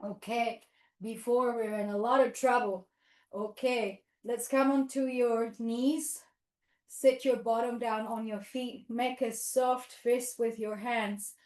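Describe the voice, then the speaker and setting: A woman with a fairly high voice guides toddlers through yoga in a playful, sing-song manner. She speaks slowly and drops in animal noises. The sound is roomy and echoey, as if recorded in an open studio. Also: flat delivery, darkish tone. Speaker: children's yoga teacher. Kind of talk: leading a playful toddler yoga demo class. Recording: echoey room.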